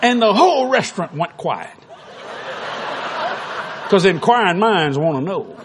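Preacher guy cracking up while he tells a story to a big crowd, voice jumps high and all over the place, folksy. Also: measured pace, background noise. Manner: animated, often laughing mid-sentence, folksy. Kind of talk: humorous sermon storytelling. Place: large auditorium before thousands.

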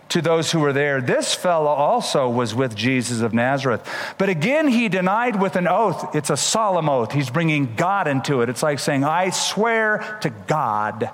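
Male pastor, somewhat high voice, emphatic sermon delivery, long hall reverb. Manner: animated, emphatic Bible storytelling.

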